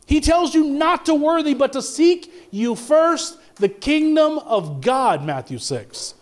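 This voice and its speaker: A man preaching a sermon with passion, swinging from loud declarations to low, quiet lines, often stumbling and restarting. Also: very animated, slow pace. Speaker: pastor.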